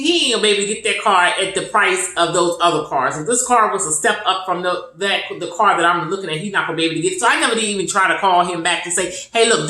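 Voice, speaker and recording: Here a storyteller shares her personal testimony, voicing each side of past conversations in an earnest, repetitive, relaxed way. Her pitch sits in the middle with a sharp edge, captured on a rough, echoey recording.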